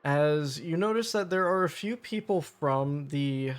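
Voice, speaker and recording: A man's voice: fairly high pitch, lively intonation, measured pace, smooth. A man running a tabletop game as game master, narrating casually with fillers.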